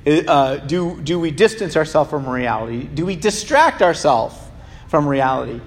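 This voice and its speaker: A man preaching a sermon to a congregation, animated and emphatic, and given to humorous asides. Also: a little high, normal speed. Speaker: pastor. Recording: long reverb of a large hall.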